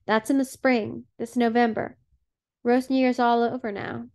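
A desperate old woman pleads in dialect, her grief heavy in every word, read out by a woman narrating an audiobook. The voice sits a little high with a gravelly edge. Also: little pitch movement, measured pace, a little mellow. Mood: pleading.

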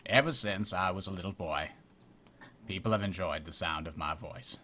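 A man voicing an older man with a deep, calm narrator voice, slow and measured. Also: a little hiss or hum. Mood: solemn.

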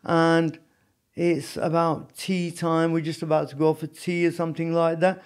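A man with a high voice tells his story as a podcast guest. He talks in an animated, casual way and keeps checking in with his listener. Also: unhurried, clean tone. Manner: animated, peppered with "you know what I mean". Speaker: podcast guest, former prisoner.

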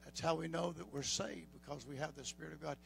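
A man with a Southern US accent preaching a sermon as pastor, folksy, rising to shouts. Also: on the high side, fairly even intonation, fast, gravelly, a little hiss or hum, poor audio.

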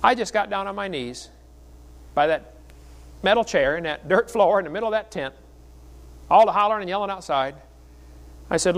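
Middle-aged man, preaching, folksy storyteller, joking, fairly high voice. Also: lively intonation, brisk, pauses often. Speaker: creationist speaker. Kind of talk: sermon.

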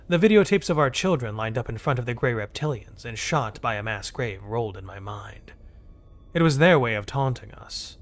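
Man narrating a tense story with lively pitch. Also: normal speed. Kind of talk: scripted first-person narration.

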